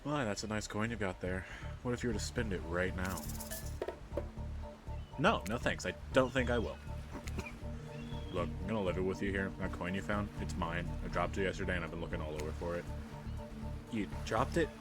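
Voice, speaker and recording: A man's voice: sits low, moderate pace, long pauses, music in the background, close to an everyday voice. A man voicing a spooky, teasing male ocean spirit who talks in a smug, flirty way. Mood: sly.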